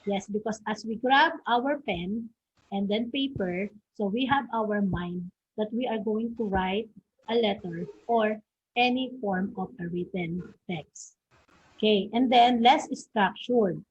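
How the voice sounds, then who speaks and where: A woman teacher with a Filipino accent giving an online lesson, saying "okay" again and again and drawing out slow model pronunciations. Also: mid-range voice. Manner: fills with frequent "okay". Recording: husky, dull lo-fi home recording.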